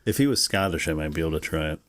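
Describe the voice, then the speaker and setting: A man co-hosting a podcast, chatting casually in a relaxed, rambling way and laughing often. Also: extremely low pitch, rapid-fire. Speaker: podcast co-host. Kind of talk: casual chat.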